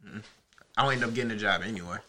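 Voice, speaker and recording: Laid-back young man, bright and sharp tone, casual storyteller. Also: lowish voice, rapid-fire. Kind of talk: casual group chat.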